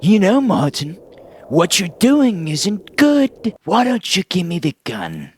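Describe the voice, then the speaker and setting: A man putting on the voice of a smarmy middle-aged doctor, drawn-out and coaxing. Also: wildly swooping pitch, a little hiss or hum, heavily acted. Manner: drawn-out, coaxing, high put-on tone.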